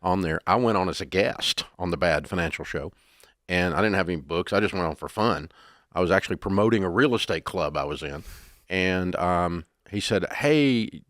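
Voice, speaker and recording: An older man as an interview guest, telling stories in a folksy, animated way. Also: low voice, a little fast, no echo, clean studio sound. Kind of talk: storytelling interview.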